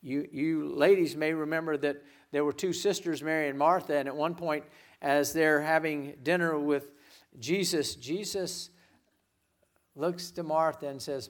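A man preaching a sermon as a guest pastor, earnest and given to repeating words, dropping to a hush when he quotes names. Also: a little high, measured pace.

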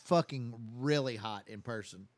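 A man's voice: medium pitch, moderate pace, no echo. A man telling a long, rambling, profane story in casual chat. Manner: rambling, profane, many restarts.

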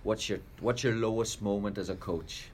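A man hosting a coaching podcast, speaking in a measured, reflective way as he tells stories. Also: lowish voice, a little hiss or hum. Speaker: podcast host, soccer coach. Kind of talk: podcast chat and storytelling.

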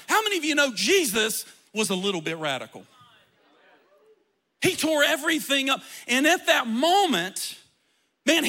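High, bright-voiced impassioned male preacher. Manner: impassioned, often breaking into shouts; dramatic storytelling preacher. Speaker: pastor. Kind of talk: sermon.

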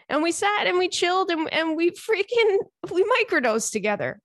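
A woman's voice: very high voice, very animated, normal speed, dry recording, studio quality. A woman hosting a casual solo podcast from home, telling candid, profane stories in a chatty way. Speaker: podcast host. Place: home, indoors.

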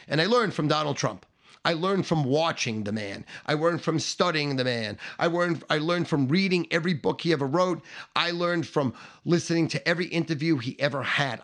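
A middle-aged man with a gravelly, fry-laden voice and a bright, forceful edge, telling a profane and boastful story. He swaggers, hammers his points and builds through repeated phrases. His voice sits a little higher than most men's.

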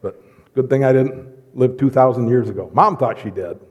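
Animated preacher in a reverberant hall. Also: male voice, medium pitch, fairly quick, dull audio. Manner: animated, jokey, swings between loud and hushed. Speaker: pastor. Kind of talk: sermon. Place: church sanctuary.

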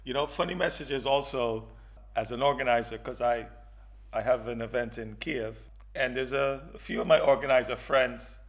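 A man with an Indian accent, a guest event organizer, chatting casually in halting phrases. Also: mid-range voice, creaky, muffled recording. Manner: relaxed, halting, laughs. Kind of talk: casual chat.

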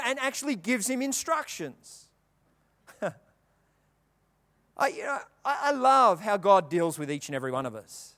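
Aussie guy preaching, animated storytelling, big echoey hall sound. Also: very high voice, normal speed. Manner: animated storytelling, acting out characters' lines. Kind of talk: sermon. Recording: long reverb of a large hall.

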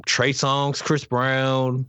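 A man's voice: mid-range voice, completely flat delivery, drawn-out words, sharp tone, smooth, dry recording. A young man co-hosting a podcast, eagerly interrupting and pushing his points in casual chat. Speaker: podcast co-host.

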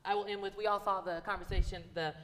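A woman's voice: mid-range voice, steady tone, fast talker, fairly bright tone, slight background noise. A woman on a discussion panel, telling stories emphatically and raising her voice when she quotes someone. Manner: emphatic storytelling, rising sharply when quoting. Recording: long hall reverb.

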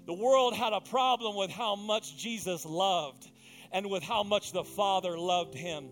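A man's voice: sits high, a little slow, fairly bright tone, faint music behind. A male pastor preaching a passionate sermon, mixing conversational asides with emphatic, rising peaks.

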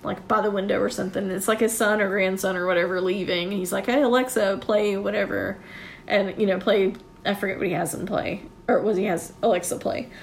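A woman's voice: medium pitch, fairly even intonation, brisk, creaky, a little hiss or hum. A woman telling long rambling stories in a casual chat among friends, swearing now and then.

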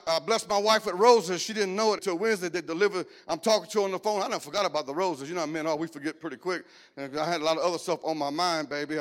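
A middle-aged male preacher delivers his sermon in a loose, lively way, slipping in jokes and stories as he goes. His voice sits notably high for a man. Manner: lively, joking storytelling preacher style.

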